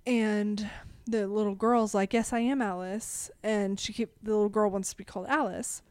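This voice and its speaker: A young woman co-hosts a casual podcast, her smooth voice recorded close and dry. She retells a story haltingly, often breaking off and starting over. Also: mid-range voice, steady tone, a little mellow, dry recording. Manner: halting, restarts sentences while retelling a plot. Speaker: podcast co-host. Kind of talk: casual chat.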